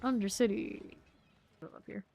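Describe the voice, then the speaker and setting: A woman's voice: medium pitch, normal speed, vocal fry. A woman from Central Florida chatting casually with her viewers while playing a game, laughing often. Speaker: streamer. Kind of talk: casual live-stream chat while gaming. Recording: steady background noise.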